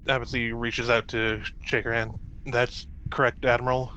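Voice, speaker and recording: Brief: polite tabletop player, man, bright forceful tone. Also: mid-range voice, level tone, normal speed, highs cut off, slight background noise.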